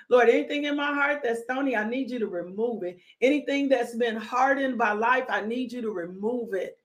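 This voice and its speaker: A woman's voice: on the high side, normal speed, hardly any pauses. A woman preaching a fervent sermon. She breaks into sudden whoops and leads call-and-response, calling out to congregation members by name.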